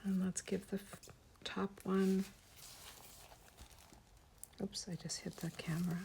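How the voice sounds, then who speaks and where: A woman's voice: medium pitch, little pitch movement, slow, vocal fry, warm tone, a little hiss or hum. A woman chatting casually with viewers while teaching a craft on a livestream. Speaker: art teacher.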